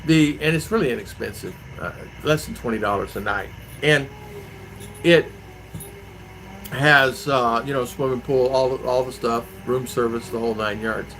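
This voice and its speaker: A man's voice: mid-range voice, vocal fry, fairly bright tone, a little hiss or hum, poor audio. A man from Arizona, hosting a casual live stream and answering viewer comments in a rambling, chatty way. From Arizona, USA.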